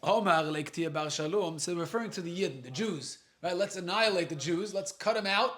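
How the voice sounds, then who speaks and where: High-voiced rabbi teaching a chatty Talmud lesson. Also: male voice, fairly quick, fairly bright tone. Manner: reads Aramaic phrases then explains them in chatty English; conversational, thinks aloud and jokes with the class. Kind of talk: casual Talmud lesson to a live group.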